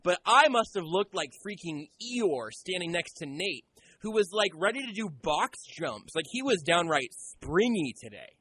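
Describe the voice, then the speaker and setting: A man's voice: sits high, very animated, a little slow, pushed and bright, slight background noise, poor audio. A man hosting a casual sports talk show, chatty and jokey as he leads the questions. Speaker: sports radio host.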